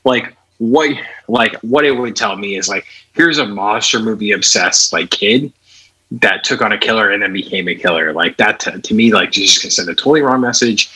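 A man's voice: lowish voice, normal speed, pushed and bright, husky, low-quality recording. A man co-hosting a podcast, giving his view emphatically, starting almost every phrase with "like". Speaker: podcast co-host. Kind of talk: casual chat.

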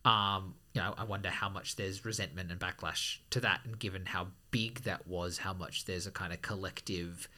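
A man co-hosting a casual podcast, chatting and telling a joke with lively acted-out voices. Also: deep voice, moderate pace, few pauses. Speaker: podcast co-host. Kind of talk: casual conversation.

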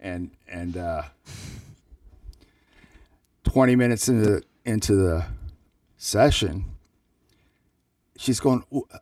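A man's voice: on the low side, slow pace, pauses often, a little mellow, dry recording, recorded from a distance. A man, the host's father, co-hosting a podcast and telling a rambling story, acting out both sides of a conversation. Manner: rambling, acts out dialogue, stammers on repeats. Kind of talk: casual storytelling.

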